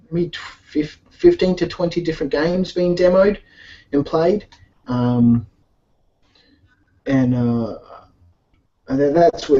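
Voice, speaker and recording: Brief: easygoing man, mellow tone, chatty and rambling, dull lo-fi recording. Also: fairly low pitch. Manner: rambling, many fillers and restarts. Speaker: podcast co-host. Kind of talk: casual chat while painting miniatures. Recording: dull lo-fi sound.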